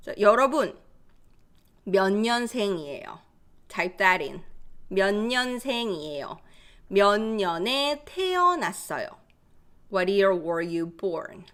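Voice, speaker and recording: Brisk, upbeat woman teaching Korean live. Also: medium pitch, expressive, a bit bright. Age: 30s. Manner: reads out viewers' chat comments, mixes English and Korean, laughs often; slows down to explain phrases. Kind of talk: live-stream language lesson.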